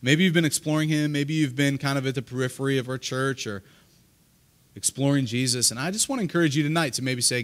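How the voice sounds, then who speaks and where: A man's voice: medium pitch, fast talker. A male pastor preaching to a live congregation in an earnest way, often repeating words as he starts a sentence. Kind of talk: sermon. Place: church service, live congregation.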